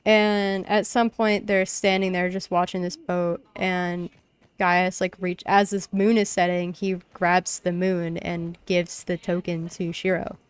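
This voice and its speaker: A woman's voice: on the low side, little pitch movement, unhurried, smooth. A young woman streaming a game and casually retelling a tabletop session, rambling with lots of fillers. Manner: rambling storytelling, many fillers. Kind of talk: casual chat while gaming.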